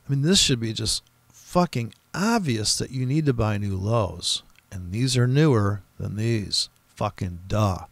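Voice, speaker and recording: Gravelly man ranting about trades. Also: on the low side, lively intonation, measured pace, hardly any pauses, dry recording. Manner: rambling, profane, mimics other traders in quoted voices. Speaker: forex trader streaming his trading. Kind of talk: profane casual trading commentary.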